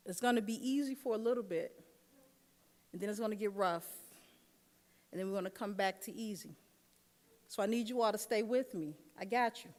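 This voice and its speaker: A woman's voice: mid-range voice, darkish tone. A woman giving a keynote speech at a dinner, telling a personal story and talking straight to the audience. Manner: storytelling, engages audience directly. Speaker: keynote speaker. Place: large dinner hall. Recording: long hall reverb.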